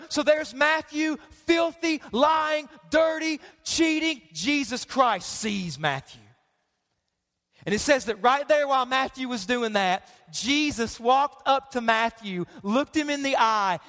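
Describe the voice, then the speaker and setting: A man's voice: extremely high pitch, slow pace, pushed and bright, big-room sound. A man preaching a sermon with passionate, repetitive emphasis that builds. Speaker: pastor.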